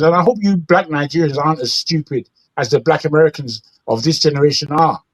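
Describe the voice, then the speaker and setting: A man's voice: a little high, brisk, few pauses, poor audio. A man with a British accent hosting a news talk show, giving opinionated, rambling commentary and repeating words when he gets worked up. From Britain.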